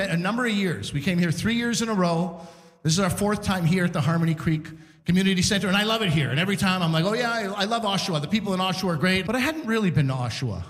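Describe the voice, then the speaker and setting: High-voiced man telling stories on stage. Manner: loose, animated storytelling with quoted voices. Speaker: comedy show host. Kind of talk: stand-up storytelling to a live crowd. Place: large theater stage. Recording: echoey hall from a distance.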